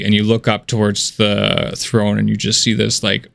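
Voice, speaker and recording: A man's voice: lowish voice, flat delivery, moderate pace, creaky, few pauses, fairly bright tone, no room sound. A man narrating a tabletop game as game master, casual and descriptive with many fillers.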